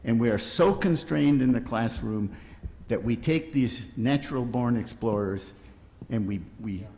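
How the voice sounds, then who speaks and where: A man's voice: mid-range voice, unhurried, creaky, warm tone. Opinionated male panelist, punchy delivery, recorded in a reverberant hall. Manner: emphatic, opinionated. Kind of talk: panel discussion argument.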